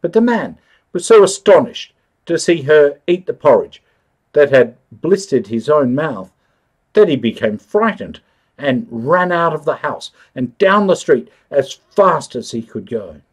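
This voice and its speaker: A man reading a children's-style story aloud for English learners, expressive and clear. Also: a little high, unhurried. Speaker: story narrator.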